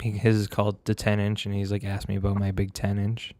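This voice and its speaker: A man's voice: on the low side, completely flat delivery, fast, a little mellow, no room sound, clean studio sound. A man co-hosting a podcast, chatting casually with crude, teasing banter. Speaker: podcast co-host. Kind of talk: casual chat.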